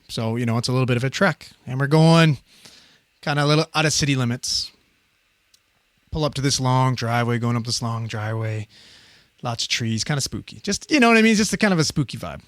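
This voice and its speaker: A man in his thirties telling a story on a podcast in a casual, profane, animated way, often laughing. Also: medium pitch, no room sound.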